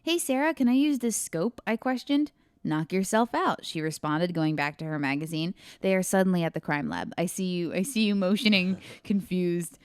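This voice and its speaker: A woman reads her own crime story aloud on a podcast, breaking off for quick, laughing asides. Her voice sits a little low and sounds smooth and clear. The sound is dry and close, with no room echo. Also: animated. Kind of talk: reading aloud with casual chat asides.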